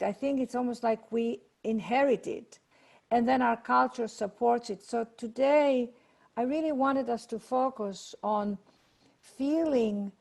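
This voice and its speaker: A woman leading a guided meditation and prayer over a video call, speaking in a slow, soothing way. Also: fairly high pitch, gravelly, a little mellow. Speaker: workshop leader.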